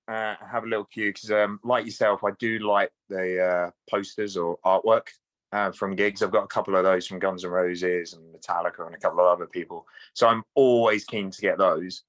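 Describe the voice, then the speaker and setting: British guy on a podcast call, kinda hesitant, lots of ums, low voice, dry sound. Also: fairly bright tone, dry recording, rough recording. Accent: British English. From Britain. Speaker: podcast guest. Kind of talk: casual chat. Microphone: video call.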